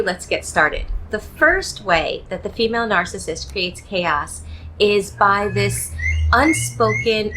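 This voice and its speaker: Measured woman coaching on relationships. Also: mid-range voice, a bit bright, slight background noise, poor audio. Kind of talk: direct-to-camera advice talk.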